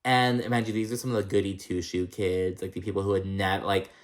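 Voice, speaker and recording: A man's voice: low voice, little pitch movement, fairly quick. Profane, chatty young man recapping TV. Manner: profane, chatty, laughs often, acts out quotes. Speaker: reality TV recap vlogger. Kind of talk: casual recap chat.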